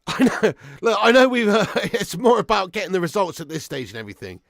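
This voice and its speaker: A man runs a live football watch-along, calling the play and answering viewers. His voice sits high and carries a gravelly rasp, picked up by a close mic in a dry, dead room. He swears freely and swings from loud outbursts to flat moaning. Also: fairly quick, no room sound. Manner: swears a lot, swings between excited shouting and flat grumbling. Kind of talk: live match commentary and fan chat.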